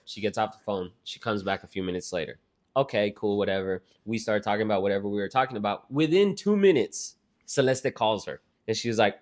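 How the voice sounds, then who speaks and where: A man's voice: on the low side, fairly quick. A young man co-hosting a podcast, telling a rambling, profane family story in casual banter with his sister. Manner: profane, rambling storyteller who acts out quotes. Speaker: podcast co-host.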